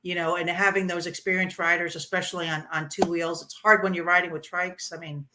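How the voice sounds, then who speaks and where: A woman from Florida telling her motorcycle trip story in an interview, animated and laughing, with many ums and restarts. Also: on the low side, fairly quick, background noise.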